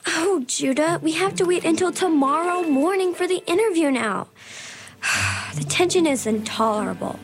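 A woman's voice: very high voice, expressive, moderate pace. A woman playing an earnest, polite young woman who runs interviews in an audio drama. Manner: polite and earnest, giggly when nervous.

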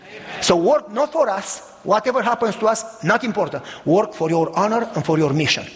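A pastor preaching an emphatic sermon, often asking the congregation questions and rising to shouts. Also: male voice, high voice, lively intonation, fairly quick, in a large hall, poor audio.

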